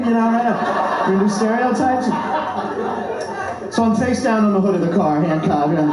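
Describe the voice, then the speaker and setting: A man's voice: high voice, very animated, moderate pace, a crowd in the background. A man doing a stand-up set, telling a brash, profane story with mocking punchlines. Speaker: stand-up comedian. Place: comedy club stage. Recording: very echoey club room.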